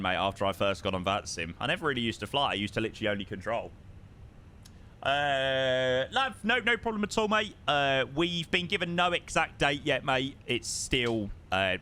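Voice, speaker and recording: A man's voice: mid-range voice, bright, forceful tone, slight background noise. A man with a southern English accent chatting casually on a live stream, reading out viewer messages and swearing freely. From southern England. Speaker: flight sim streamer.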